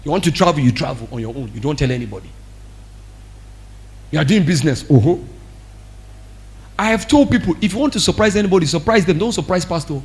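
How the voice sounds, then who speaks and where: A man preaching a sermon as pastor, animated and acting out what people say. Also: a little high, fast, long pauses. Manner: animated, acts out quoted speech.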